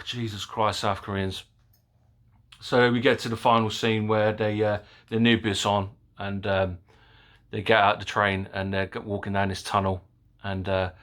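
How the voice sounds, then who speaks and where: A man giving a casual, excitable movie review, rambling with fillers and the odd swear word. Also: lowish voice. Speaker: film reviewer.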